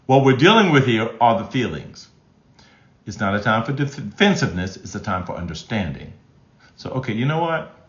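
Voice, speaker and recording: A man's voice: mid-range voice, big pitch swings, fairly quick, fairly bright tone. A man hosting a live stream as a relationship coach, reading chat comments and talking emphatically, repeating his key phrases and often restarting his sentences. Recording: roomy, slightly dull sound.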